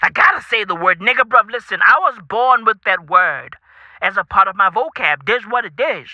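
A man's voice: high-pitched, expressive, normal speed, no room sound. A South African man hosting a podcast, ranting in a profane comedic style with swaggering slang and repeated phrases. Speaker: podcast host. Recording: dull lo-fi dry recording.

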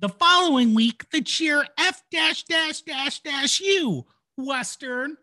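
A woman's voice: sits high, animated, slow pace, pushed and bright, pitched above the performer's own voice, heavily acted. A woman voicing a whiny middle-aged dad as she mockingly reads his complaint letter aloud. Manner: whiny, indignant, mocking read. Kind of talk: mock reading of a complaint letter.

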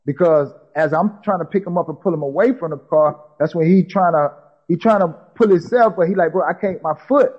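Husky man retelling a story. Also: on the high side, fairly quick, lo-fi sound. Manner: repetitive, acts out quoted dialogue. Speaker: guest telling a personal story. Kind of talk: casual spoken storytelling.

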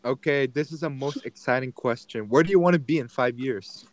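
A man's voice: mid-range voice, fairly quick. A teenage boy chatting casually on a remote call and asking the group questions, easygoing. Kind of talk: casual chat.

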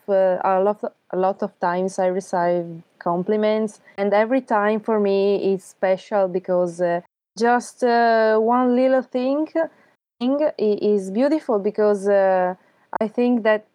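A woman guest on a panel who talks slowly and hesitantly, pausing often. Her voice is mellow and dark, and the recording is dry and close. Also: medium pitch, no echo. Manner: hesitant, many "uh" pauses. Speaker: cosplayer guest. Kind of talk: casual panel chat.

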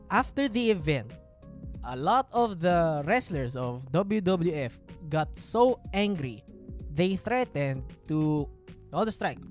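Lively Filipino woman podcast storyteller. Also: sits low. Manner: animated, code-switching storyteller. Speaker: podcast host.

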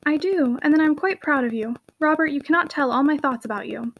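An earnest, devoted young woman in a storybook, as a woman reader puts her on. She asks gentle, eager questions in a high voice at a quick pace. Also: highs cut off. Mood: tender.

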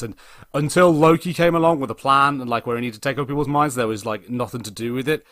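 A man co-hosting a casual podcast, improvising a comic story with many pauses and fillers. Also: medium pitch, fairly bright tone, dry recording, clean studio sound. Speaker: podcast co-host.

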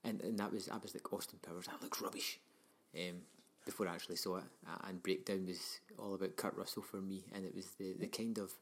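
A man's voice: low voice, little pitch movement, quick pace, few pauses. A man, co-hosting a casual film review chat and rambling through his memories with plenty of ums. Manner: rambling, lots of ums and likes. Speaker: podcast co-host.

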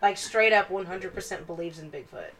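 A woman's voice: lowish voice, fairly quick, crowd noise. A young woman co-hosting a casual podcast, telling a story with lots of swearing and quoting people in their own voices. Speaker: podcast co-host.

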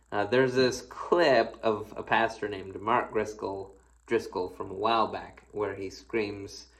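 A man's voice: fairly low pitch, poor audio. A man, a pastor, giving a casual devotional, reading scripture aloud and then commenting in a folksy, playful, conversational way. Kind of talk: casual devotional Bible teaching.

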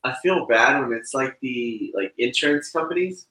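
A man's voice: medium pitch, animated, moderate pace, bright, forceful tone, echoey room, low-quality recording. A young man telling a loose, swearing story in casual chat with friends. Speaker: podcast co-host.

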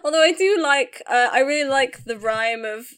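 High-voiced young woman, gushing. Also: animated, moderate pace, fairly bright tone. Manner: gushing, laughs often. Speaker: podcast co-host. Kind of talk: casual chat.

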